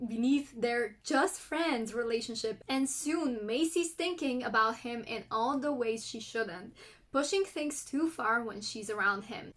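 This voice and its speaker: In a casual book vlog, a woman reads book blurbs aloud and chats with enthusiasm in a non-American English accent. Her voice is high and a bit bright.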